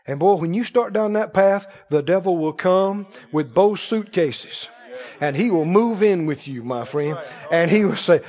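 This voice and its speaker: A male pastor preaches with a strikingly high voice, slipping into voices of doubting people as he makes his points. His sermon rings through a large hall with a long reverb tail. The recording sounds somewhat dull and muffled. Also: expressive, normal speed, a little mellow.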